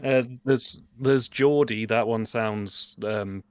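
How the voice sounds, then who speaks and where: A man's voice: mid-range voice, fairly even intonation, slow, smooth, dry recording. A man from England with a British accent, chatting casually on a livestream with playful, mock-pompous wordplay. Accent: British English. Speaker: guest co-host.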